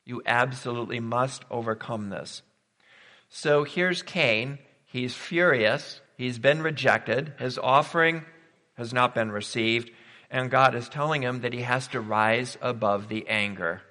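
A man's voice: medium pitch, measured pace, pushed and bright, long reverb tail. A man preaching a sermon in a conversational way, thinking aloud and posing rhetorical questions.

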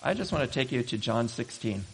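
A man preaching a sermon as pastor, emphatic and building to loud exhortation. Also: mid-range voice, animated, fairly quick, slight background noise. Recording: reverberant hall.

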